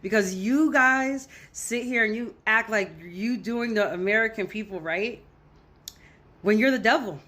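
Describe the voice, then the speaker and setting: A woman's voice: fairly high pitch, unhurried, pushed and bright. Woman in a heated, profane rant. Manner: heated, profane, repetitive ranting. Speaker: social media commentator. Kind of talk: angry reaction rant to camera.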